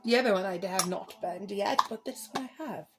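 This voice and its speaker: A woman's voice: mid-range voice, a little fast, over music. A woman in her thirties doing a casual tarot reading, chatty and rambling, often laughing. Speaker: tarot reader.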